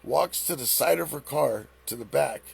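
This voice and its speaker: A middle-aged man hosting a live stream, retelling a story in a casual, animated way, with rambling restarts. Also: mid-range voice, normal speed, creaky, husky.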